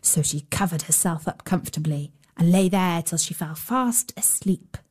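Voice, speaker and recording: A woman reading a children's fairy tale aloud as a storyteller, measured, with playful emphasis on repeated phrases. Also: on the low side, steady tone. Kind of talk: scripted fairy-tale narration.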